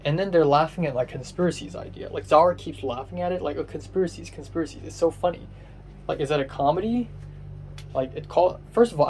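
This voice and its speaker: A man's voice: on the high side, a little mellow, a little hiss or hum. A young man rambling through a casual personal vlog monologue, self-mocking, with many fillers and restarts. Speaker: vlogger.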